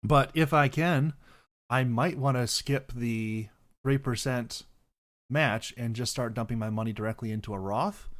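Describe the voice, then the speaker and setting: A man's voice: mid-range voice, measured pace. A young man hosting a podcast, chatting casually and rambling, often correcting himself mid-sentence. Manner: rambling, self-correcting, bursts into loud mock voices. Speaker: podcast host. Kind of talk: casual chat on stream.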